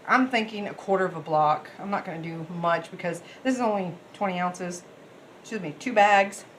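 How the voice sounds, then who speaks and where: A woman's voice: on the low side, moderate pace, slight background noise. A woman, chatting casually and rambling cheerfully to her viewers as she cooks in her home kitchen. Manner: bubbly, rambling, talks straight to viewers. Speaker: cooking vlogger. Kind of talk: casual chatty cooking vlog.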